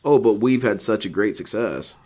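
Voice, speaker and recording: Mocking low-voiced man riffing on a stream. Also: moderate pace. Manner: mocking, crude, deadpan jabs. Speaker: host reacting to a restream. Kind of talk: sarcastic live commentary.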